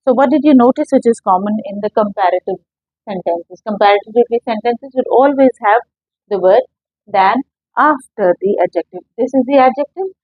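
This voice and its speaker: A woman's voice: a little high, slightly rough, no room sound, phone-quality sound. A woman teaching an English grammar lesson, explaining patiently step by step and asking her students questions.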